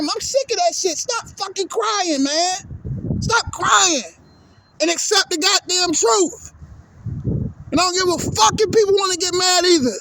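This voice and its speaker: A man's voice: extremely high pitch, fairly bright tone, slight background noise. A man hosting his own sports channel, delivering a heated, profane, repetitive rant at his viewers. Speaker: sports vlogger. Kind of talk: angry ranting monologue.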